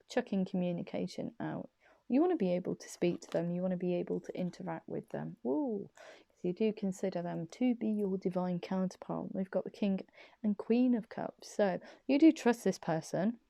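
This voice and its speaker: Giggly woman with a gravelly, mellow voice. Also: lowish voice, no room sound. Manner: rambling, giggly, enthusiastic. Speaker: tarot card reader. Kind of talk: casual chatty tarot reading. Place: small room at her parents' home. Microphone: camera on a small desk tripod.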